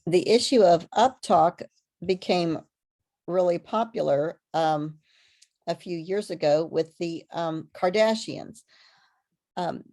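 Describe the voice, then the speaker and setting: A webinar presenter delivers a live online lecture through a video call. Her lowish, mellow voice stumbles along haltingly, full of ums and restarts.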